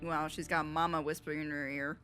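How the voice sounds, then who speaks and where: A young woman hosting a reaction video, commenting casually and excitedly, often cheering and laughing out loud. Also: deep voice, brisk, faint music behind.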